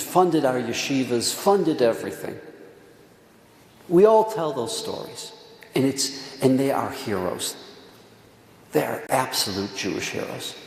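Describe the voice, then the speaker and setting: A man's voice: mid-range voice, creaky, darkish tone. A middle-aged man, a rabbi giving a Tisha B'Av sermon, telling stories earnestly and repeating words for emphasis. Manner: earnest storytelling, repeats words for emphasis, drops to near whisper. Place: synagogue hall. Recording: echoey hall, faint room noise.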